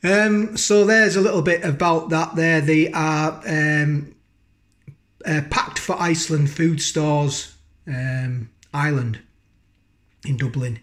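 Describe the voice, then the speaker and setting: A man's voice: on the high side, steady tone, slow pace, fairly bright tone. Chatty man reviewing food. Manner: chatty, rambling, keeps asking tag questions. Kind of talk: casual food review vlog. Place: home kitchen, indoors.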